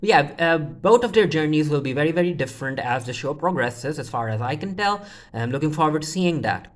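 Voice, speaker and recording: A woman's voice: low-pitched, lively intonation, fairly quick. A woman casually recapping a TV episode as a reviewer, rambling with frequent restarts and offhand asides. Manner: rambling, full of restarts and quoting characters offhandedly. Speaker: TV show reviewer.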